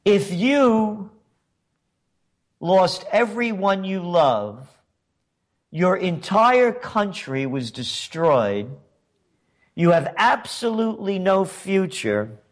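Slow, sarcastic male commentary host. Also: high-pitched, sing-song. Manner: sarcastic, emphatic, rhetorical questions. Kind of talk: political opinion monologue.

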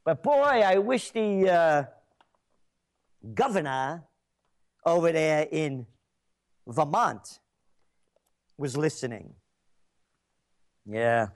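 A man with a high voice that swings widely up and down, ranting on talk radio. He speaks slowly and lets each insult land. His tone is sarcastic and scornful, and he breaks into shouting now and then. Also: animated. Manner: angry, mocking, insulting rant. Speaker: radio show host.

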